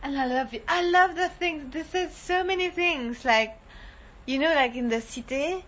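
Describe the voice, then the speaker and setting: A woman's voice: high voice, normal speed. Chatty woman debriefing a focus group. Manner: chatty, animated, laughs often. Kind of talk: casual debrief chat.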